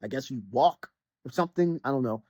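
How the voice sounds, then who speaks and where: A podcast host rants through a casual game critique, and the voice swings up and down in pitch. The delivery is loose and rambling, full of restarts and "like" fillers. The sound is dry and close, with no room around it. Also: expressive, a little fast, dark tone, no echo. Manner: rambling, heavy use of "like", frequent restarts. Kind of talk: casual game review rant.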